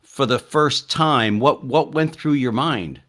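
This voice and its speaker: A man's voice: mid-range voice, slow, a bit bright. Man hosting a radio interview. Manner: brief, encouraging prompts. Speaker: radio host.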